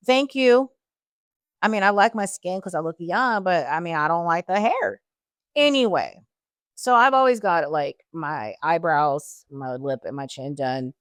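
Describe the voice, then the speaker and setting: A woman's voice: fairly low pitch, expressive, unhurried, no room sound, studio quality. A woman in her forties chatting casually as she tells her life story, talking straight to listeners and wandering off on tangents. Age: 40s. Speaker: guest sharing her story.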